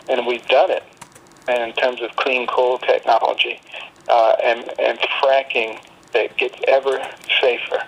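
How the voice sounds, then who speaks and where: A husky middle-aged man delivers political commentary as a guest on a call. His pitch sits in an ordinary middle range, and he talks in a measured way, often pausing on fillers and restarting his sentences. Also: a bit bright, lo-fi sound.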